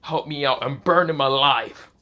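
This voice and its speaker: A man's voice: medium pitch, moderate pace, bright, forceful tone, muffled recording, natural voice. A man playing a crude young male fighter who swears and mocks his friends. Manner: swearing, mocking.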